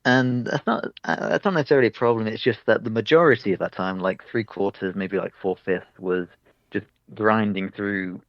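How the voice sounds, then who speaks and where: A man co-hosting a casual podcast, retelling a game's story with lively acted-out character lines and frequent laughter. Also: on the low side, moderate pace, no echo, muffled recording. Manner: animated storytelling, acts out characters, laughs often. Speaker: podcast co-host reviewing a game. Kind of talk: casual chat.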